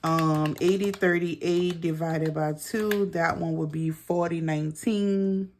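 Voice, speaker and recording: Chatty middle-aged woman going over her bills real slow, lowish voice, keys clacking behind her. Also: steady tone, a little mellow, slight background noise. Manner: chatty, talks to viewers as girl and y'all while adding up figures. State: out of breath. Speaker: budgeting vlogger. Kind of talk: casual budget walkthrough.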